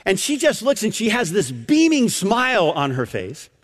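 A middle-aged man's voice sits high at normal speed as he preaches a sermon and tells a story. Animated, he acts out the voices of those in it, and long hall reverb fills the recording.

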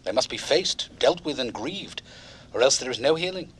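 An actor playing a calm, earnest psychologist speaking on the radio in a measured, serious way. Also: male voice, mid-range voice, slightly rough. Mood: grave.

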